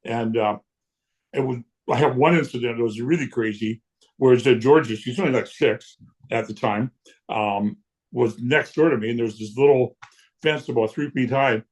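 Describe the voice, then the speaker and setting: A man, a guest telling stories in casual chat, lively and blunt, acting out what people said and swearing freely. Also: medium pitch, moderate pace. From Canada. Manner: lively storyteller who acts out quotes and swears freely. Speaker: guest punk musician. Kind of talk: casual storytelling.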